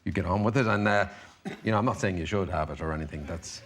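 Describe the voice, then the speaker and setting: Irish male comic guest, low-ish forceful voice, loose rambling storyteller. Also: fast. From Ireland. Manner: rambling, self-deprecating, full of "you know" and "like". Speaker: comedian guest. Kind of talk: chat-show anecdotes.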